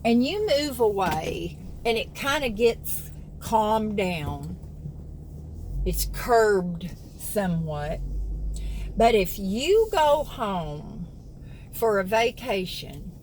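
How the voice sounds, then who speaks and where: A woman in her sixties from the American South chats folksily to her viewers in a casual vlog, speaking to camera in a Southern US accent. Her mid-range voice has big pitch swings, drawn-out words, and a darkish tone, with a little hiss or hum on the recording.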